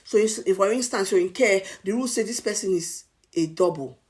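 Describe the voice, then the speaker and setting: A woman's voice: mid-range voice, brisk, darkish tone. Emphatic Nigerian woman giving advice. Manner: emphatic, repeats points, coaching tone. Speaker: advice vlogger. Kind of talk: casual advice talk.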